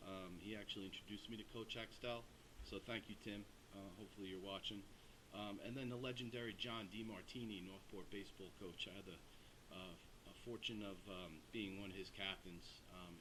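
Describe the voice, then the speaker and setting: A man giving a Hall of Fame acceptance speech at a ceremony, halting, with many fillers and pauses. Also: lowish voice, background noise.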